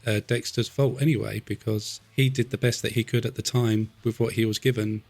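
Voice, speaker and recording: A man's voice: on the low side, fairly even intonation, fairly quick, darkish tone, dry recording. A man from Essex with a southern English accent, hosting a podcast in casual chat and encouraging his guest with plenty of yeahs. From Essex, England. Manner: affable, encouraging, frequent yeahs and laughs. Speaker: podcast host.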